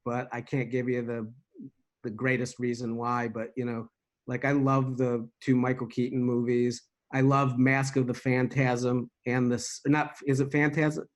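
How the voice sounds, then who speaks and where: A man's voice: mid-range voice, little pitch movement, unhurried. A man co-hosting a casual podcast chat, agreeable and often searching for the right words. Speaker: podcast co-host.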